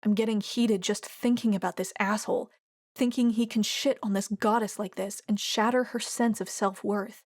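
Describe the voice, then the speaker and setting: A woman narrating a romance audiobook in a steady, expressive reading. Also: medium pitch, moderate pace, no room sound, clean studio sound. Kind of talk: scripted narration.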